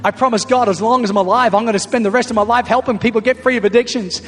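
A man's voice: very high-pitched, steady tone, racing, a bit bright, slight background noise. A man quoting his earnest elderly father. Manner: earnest, solemn vow-making. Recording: long hall reverb, faint music.

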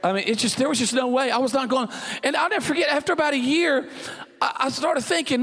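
A man preaching a sermon as pastor, telling a funny story in an animated way and acting out the other people in it. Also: extremely high pitch, fast. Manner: animated storyteller, acts out voices, exclaims. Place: church hall. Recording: long church hall reverb.

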